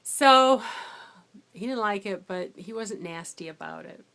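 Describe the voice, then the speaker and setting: Middle-aged woman, tired after no sleep, vlogging a rambling story about substitute teaching in a chatty, mid-pitched voice. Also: a little slow, creaky. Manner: chatty, rambling, animated when quoting herself. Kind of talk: casual storytelling vlog.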